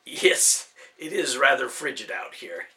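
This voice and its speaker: A man's voice: mid-range voice, animated, unhurried, sharp tone. A man voicing a small, loyal elf-like man who speaks in a formal, old-fashioned way. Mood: friendly.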